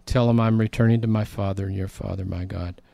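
A man's voice: fairly low pitch, fairly even intonation, fairly quick, gravelly, dark tone, no echo. A man preaching a sermon in a conversational, storytelling way, acting out quoted lines.

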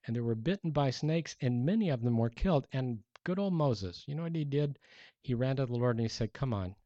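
A man preaching a sermon as a pastor, conversational and animated, acting out the people he quotes. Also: mid-range voice, fairly quick, no room sound, lo-fi sound.

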